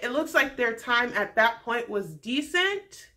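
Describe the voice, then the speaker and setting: Bright-voiced woman recapping a show. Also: on the high side, measured pace. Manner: frank, animated storytelling with candid opinions. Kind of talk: casual TV recap vlog.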